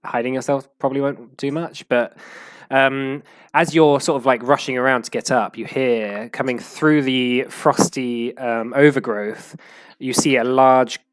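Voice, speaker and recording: A man's voice: mid-range voice, steady tone, measured pace, smooth, dry recording. A man running a tabletop game as game master, narrating in a rambling way full of fillers and restarts.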